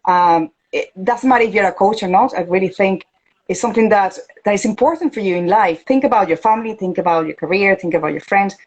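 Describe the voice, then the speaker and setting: Venezuelan-accented woman, coach and interview host, lively chat, acts out quotes. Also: mid-range voice, quick pace, lo-fi sound. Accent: Venezuelan Spanish. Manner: animated, acts out quoted voices.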